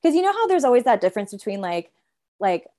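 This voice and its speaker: This woman's voice is a little high and mellow, with big swings in pitch. She's a therapist chatting casually in an interview, leaning heavily on the filler "like" and briefly voicing her own inner parts in quick asides.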